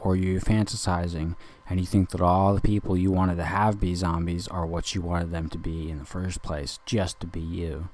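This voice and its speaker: A man's voice: low-pitched, a little mellow. A young man talking in a rambling, confrontational monologue, intense and lecturing, circling back over the same points. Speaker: speaker addressing a listener.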